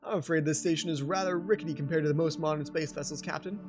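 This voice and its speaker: A man's voice: a little high, fairly even intonation, quick pace, music in the background, natural voice. A man voicing a verbose male mining station manager in a game, speaking formally with a put-on accent that keeps changing. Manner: wordy, overly formal, wandering put-on accent.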